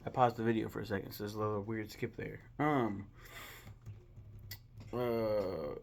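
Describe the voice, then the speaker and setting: Gravelly young man rambling and swearing. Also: fairly low pitch, slow pace, darkish tone. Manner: rambling, profane, searches aloud for names. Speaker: vlogger. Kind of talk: casual food ranking vlog.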